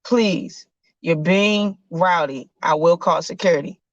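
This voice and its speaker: A calm, formal male doctor, played by a woman telling the story, speaking politely but firmly. The recording is dry with a dull, lo-fi edge. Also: on the low side, takes it slowly, no room sound. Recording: dull lo-fi sound.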